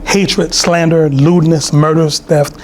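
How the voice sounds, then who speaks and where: A man preaches in a loose, storytelling way, full of asides and fillers. His voice sits fairly high for a man. A faint hiss runs beneath the temple recording. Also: flat delivery, slow pace. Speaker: speaker at a temple meeting. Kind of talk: conversational sermon. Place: temple hall.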